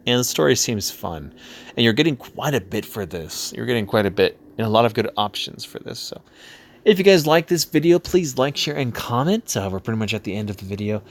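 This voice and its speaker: Gravelly-voiced man chatting casually. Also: medium pitch, lively intonation, fairly quick. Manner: chatty, laughs easily, trails off into mumbles. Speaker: YouTuber reviewing a crowdfunding campaign. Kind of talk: casual commentary reading a campaign page aloud.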